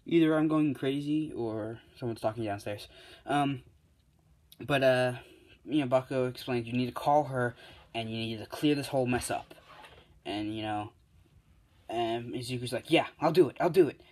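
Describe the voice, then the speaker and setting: A young man at home late at night tells his fan story off the cuff, full of fillers, restarts and hummed placeholder sounds. His voice sits at a middling pitch. He records on a handheld device. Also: steady tone, moderate pace, long pauses, a little mellow. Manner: rambling, filler-heavy, hums placeholder sounds. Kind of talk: casual spoken fan story. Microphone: tablet or other handheld device.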